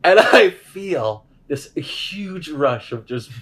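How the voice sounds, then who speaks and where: A man spinning a rowdy anecdote in casual conversation. His pitch swings widely as he laughs and slips into the voices of the people in his story. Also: takes it slowly. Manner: animated, laughing, acts out voices in his stories. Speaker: host.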